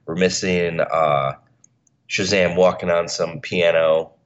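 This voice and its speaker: Deep-voiced groggy man chatting casually. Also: fairly even intonation, takes it slowly. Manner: chatty, rambling with restarts. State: groggy early-morning voice. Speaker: podcast co-host. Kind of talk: casual chat. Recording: dull lo-fi recording.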